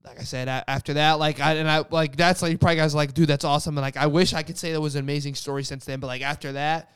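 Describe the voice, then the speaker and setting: A man's voice: fairly high pitch, steady tone, rapid-fire, fairly bright tone, clear, resonant tone, no echo, clean studio sound. A young man casually telling a personal faith story, rambling with lots of "like" fillers. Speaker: guest sharing a faith story. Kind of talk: casual testimony chat.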